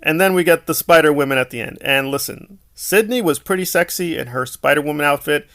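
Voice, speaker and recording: A man's voice: on the high side, fairly quick, fairly bright tone. A man giving a casual, opinionated film review, exasperated and sarcastic, full of rhetorical questions.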